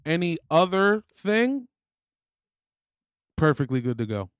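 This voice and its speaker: A man co-hosting a casual sports podcast, breaking down the game and tossing in quick jokes. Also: fairly high pitch, sing-song, clean tone, no room sound, studio quality. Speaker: podcast co-host.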